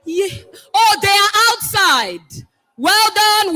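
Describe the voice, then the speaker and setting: High, lively Nigerian woman hosting an event. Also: very slow, soft background music. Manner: playful, teasing, often shouting to hype the crowd. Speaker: event host. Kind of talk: live event hosting, calling out schools.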